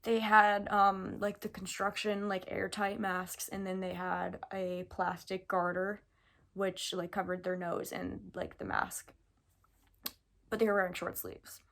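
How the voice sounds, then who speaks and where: A young woman from the United States recounts a personal story straight to camera. Her delivery is chatty and animated, peppered with casual fillers as she relives each step. It has the easy, unscripted feel of a vlog. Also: medium pitch, a little slow, vocal fry. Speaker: vlogger.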